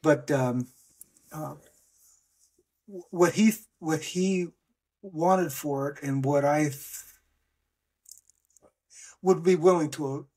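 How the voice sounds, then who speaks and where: A man co-hosting a casual podcast, talking in a halting way with many ums and restarts. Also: a little high, a little mellow, slightly rough. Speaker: podcast co-host. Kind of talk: casual chat.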